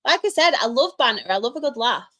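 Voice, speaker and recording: Quick and forceful, this young streamer from Manchester speaks in a bright, high-leaning voice with big pitch swings. She chats casually with her audience, fielding their questions, laughing a lot and trading jokes with chat.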